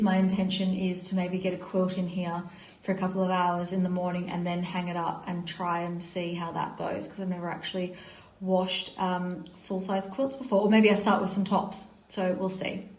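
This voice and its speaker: A woman's voice: on the low side, moderate pace, low-quality recording. Chatty woman vlogger. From Australia. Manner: chatty and excitable, gushing over finds. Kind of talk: casual chat.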